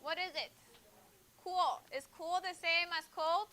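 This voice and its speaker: A woman's voice: very high-pitched, steady tone, a little slow, sharp tone. A woman teaching a Spanish class in a school classroom, drilling students on phrases and patiently correcting their answers.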